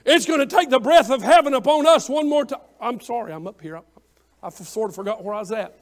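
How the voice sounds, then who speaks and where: A man preaching an impassioned revival sermon as pastor, often shouting and calling out members of the congregation by name. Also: very high voice, animated, fast talker.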